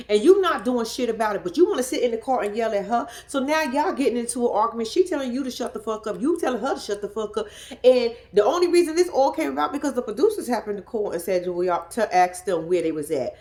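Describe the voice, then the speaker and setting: A woman giving a casual, blunt and profane recap of a reality show, talking in an animated storytelling way. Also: mid-range voice.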